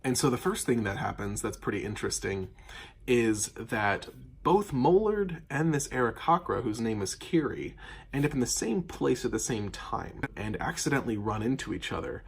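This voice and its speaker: Husky-voiced man recapping a game. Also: medium pitch, expressive, normal speed. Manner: rambling, filler-heavy storytelling. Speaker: game master. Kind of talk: casual campaign recap narration.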